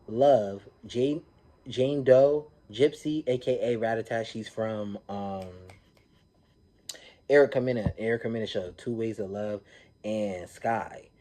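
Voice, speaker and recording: Slangy, animated man recapping TV. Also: medium pitch. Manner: animated, slangy storytelling with frequent "you feel me". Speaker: reality TV recap host. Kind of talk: casual episode recap.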